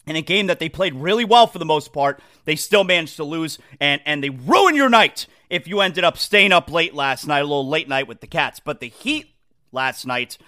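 A man hosting a sports talk show, rambling in an animated, casual monologue and often repeating himself. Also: on the high side.

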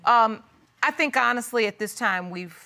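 A woman judge runs a televised courtroom hearing, probing each party with firm, pointed questions. Her voice sits high and rings bright and clear. She leans on key words and draws out her questions for effect. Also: animated, moderate pace.

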